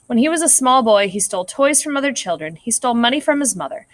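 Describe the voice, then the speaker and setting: A woman's voice: a little high, animated, fast talker, no echo, natural voice. A woman voicing a dutiful male clerk of a heavenly court, reporting sins in a matter-of-fact way in a read-aloud story.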